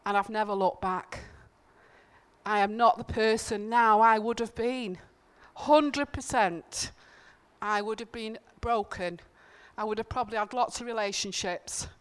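Earnest woman preaching with a smooth voice. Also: mid-range voice, a little slow. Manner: earnest, conversational, emphatic repetitions. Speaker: church speaker. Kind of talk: informal sermon with personal stories. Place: church.

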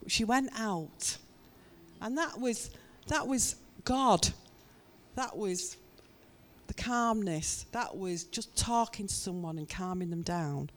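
A woman's voice: mid-range voice, moderate pace. Woman telling a story. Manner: animated storytelling. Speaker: speaker. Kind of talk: testimony in a talk.

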